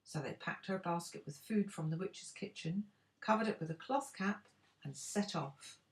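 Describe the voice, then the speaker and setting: An older woman, a grandmother, reading a storybook aloud in an expressive, unhurried way. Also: fairly low pitch.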